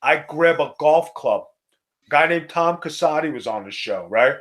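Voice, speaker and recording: A middle-aged man from Staten Island, telling a profane, animated wrestling story in a casual chat. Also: a little high, moderate pace. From Staten Island, New York. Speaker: co-host, former wrestler.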